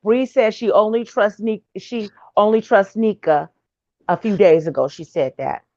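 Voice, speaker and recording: A woman's voice: medium pitch, normal speed, mellow, dry recording, lo-fi sound. A woman giving blunt, sassy, trash-talking gossip commentary on a livestream.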